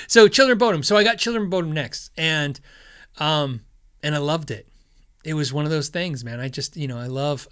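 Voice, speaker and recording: A man's voice: on the high side, fairly bright tone. A middle-aged man hosting a podcast, rambling through listener questions in a self-deprecating way and laughing often. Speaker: podcast host. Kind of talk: casual chat.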